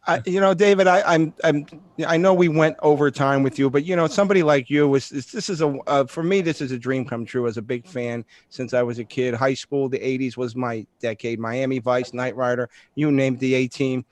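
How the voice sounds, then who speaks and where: A man's voice: medium pitch, steady tone, a little fast, no room sound. A man in his fifties hosts a radio interview, polite and eager like a longtime fan. His voice sits in a middle range. The sound is dry and close, with no room around it. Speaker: host.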